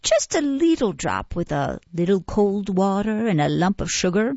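A woman's voice: medium pitch, big pitch swings, moderate pace, vocal fry, darkish tone, no echo. A woman reading a storybook voices a sly, falsely humble woman who runs an orphan farm, with wheedling, coaxing speech. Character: fawning, sly middle-aged woman running an orphan farm. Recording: dull, muffled, dry recording.

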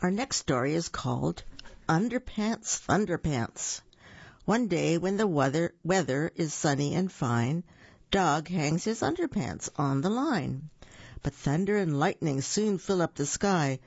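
A storyteller reading children's picture books aloud in a lively, sing-song way with small slips, on a dull, dry lo-fi recording. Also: mid-range voice, unhurried, gravelly, husky, no echo.

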